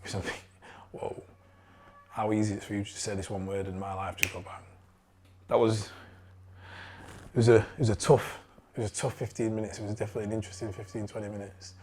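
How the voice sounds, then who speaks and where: A young man with a Yorkshire accent telling a personal story in a candid, halting way and swearing freely. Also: fairly low pitch, little pitch movement, a little mellow, a little hiss or hum.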